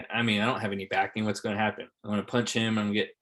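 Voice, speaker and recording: A man's voice: fairly low pitch, flat delivery, fast, fairly bright tone. A man in his thirties, a podcast guest, telling stories in casual chat, swearing and repeating words as he goes. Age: 30s.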